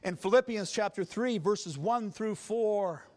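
A man preaching a Sunday sermon as pastor, emphatic and swinging between quiet passages and loud ones. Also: high voice, a little slow.

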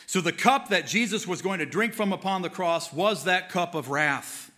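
A male pastor preaching a sermon with passion. He climbs to fervent, emphatic peaks and then sinks into low, earnest stretches. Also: normal speed, bright, forceful tone.

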